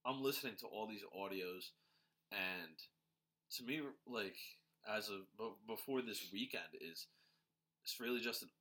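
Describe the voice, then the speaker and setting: A man co-hosting a podcast, chatting casually and often restarting his sentences. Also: lowish voice. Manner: halting, restarts often, animated when quoting. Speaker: podcast co-host. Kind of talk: casual conversation.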